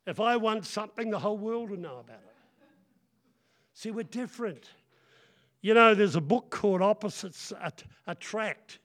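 Male preacher, high voice, loud and rambling, jokes and crowd call-outs. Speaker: guest preacher. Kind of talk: sermon.

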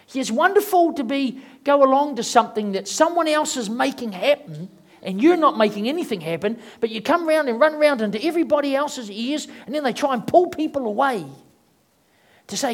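A man's voice: extremely high pitch, expressive, fairly quick. A middle-aged man preaching a sermon as pastor, talking in a conversational way and acting out the voices of people he quotes.

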